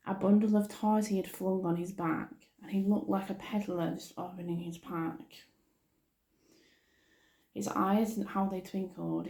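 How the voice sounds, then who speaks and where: A woman reading a poem aloud in a soft-spoken ASMR style, often stumbling over words and apologizing, recorded on a phone. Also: fairly low pitch, vocal fry, reverberant. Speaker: ASMR creator.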